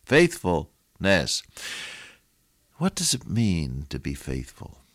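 A man's voice: low-pitched, wildly swooping pitch, takes it slowly, fairly bright tone, no room sound. An older man preaching a radio sermon, telling stories and exhorting his listeners with earnest repetition.

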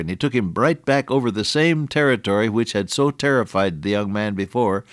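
A man's voice: fairly low pitch, lively intonation, a little fast, few pauses, dry recording, studio quality. An older man preaching a radio sermon in a folksy, earnest way, telling stories and asking listeners along.

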